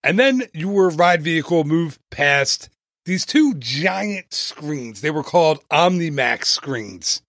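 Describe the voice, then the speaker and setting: Chatty man hosting a podcast, slightly high. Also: animated, slow pace, a bit bright, no echo, studio quality. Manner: chatty and playful, with jokey asides. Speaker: travel podcast host. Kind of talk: casual podcast narration.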